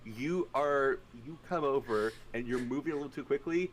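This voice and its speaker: A man running a tabletop game as game master, narrating casually and with lots of swearing, jumping into loud voices for the players' characters. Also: medium pitch, moderate pace, slight background noise. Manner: profane, laughing, acts out players' lines in bursts.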